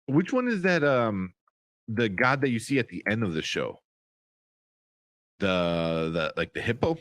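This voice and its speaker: A man co-hosting a show recap. His voice sits on the low side and sounds dry and close. He rambles along casually and gets animated when something excites him. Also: measured pace, no echo. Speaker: podcast co-host.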